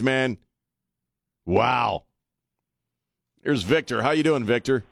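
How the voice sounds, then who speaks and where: A man's voice: mid-range voice, lively intonation, takes it slowly, creaky, long pauses, no room sound. Male talk radio host, blunt and sarcastic, rambling monologue, dry close studio sound.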